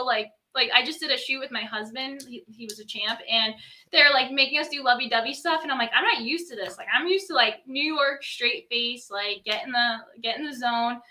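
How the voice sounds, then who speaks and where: A young woman, a model, telling animated stories as a podcast guest, full of "like" fillers. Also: high voice, a little fast. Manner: animated storytelling, many "like" fillers. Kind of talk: casual interview chat.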